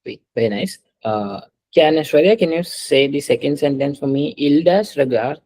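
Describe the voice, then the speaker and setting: A man's voice: fairly high pitch, lively intonation, normal speed, darkish tone, poor audio. A man teaching a French class, patiently drilling pronunciation and slipping into Hindi.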